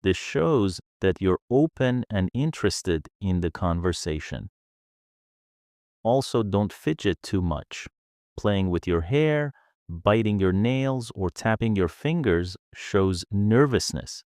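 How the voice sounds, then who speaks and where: A man teaches spoken English in a calm, explanatory way, walking through practical tips. His voice sits fairly low and he speaks slowly. The recording is dry and close, with no room sound. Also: no echo. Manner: calm, explanatory, advice-giving. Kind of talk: scripted English lesson.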